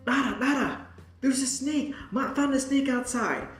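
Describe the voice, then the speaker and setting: A frantic teenage sister yelling a snake alarm, as a woman acts her out, her voice jumping high and urgent. It echoes around a roomy space, with faint music underneath. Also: moderate pace, recorded from a distance, lightly acted. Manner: urgent, shrill calling out. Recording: echoey room.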